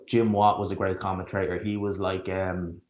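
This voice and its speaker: A man's voice: low-pitched, little pitch movement, moderate pace, dull audio. A man streaming a live watch-along, chatting casually and sarcastically, rambling and stopping to search for names. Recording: roomy echo.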